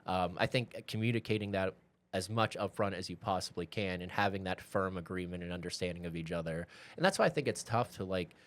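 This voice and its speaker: Deep-voiced, rambling man. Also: brisk, a bit bright. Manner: reflective and rambling, with many fillers. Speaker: podcast co-host. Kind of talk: casual chat.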